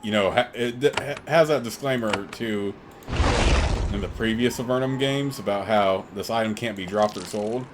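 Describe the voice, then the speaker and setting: A man's voice: on the low side, normal speed, heavy background noise. A man casually commenting on a game he plays, rambling and restarting as he goes. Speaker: let's play host.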